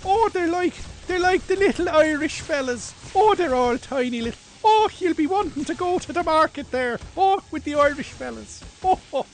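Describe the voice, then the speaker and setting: A man voicing a giddy male fellow of the little folk in a high, exaggerated sing-song. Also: lively intonation, moderate pace, hardly any pauses, poor audio. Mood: giddy mocking.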